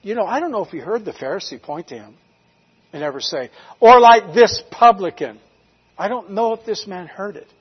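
A pastor from North Carolina preaches with emphasis, his voice high for a man and husky. He swings from loud declarations to near-hushed lines. The recording sounds a little dull and lo-fi. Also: very animated, fast, in a large hall. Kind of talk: sermon.

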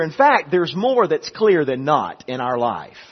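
A man preaching a sermon, swinging from loud emphatic peaks to hushed, quiet passages, with frequent restarts and repeated words. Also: on the high side, huge pitch swings, measured pace, hardly any pauses, slightly rough, highs cut off.

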